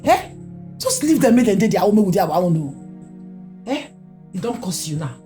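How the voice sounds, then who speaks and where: A middle-aged Nigerian mother, played by an actress, who scolds in Pidgin English with big swings of pitch and a piled-up stream of questions. She is protective and emphatic. Faint film music sits under her voice. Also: big pitch swings, normal speed, dark tone, natural voice. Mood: warning. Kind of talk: Nollywood film acting.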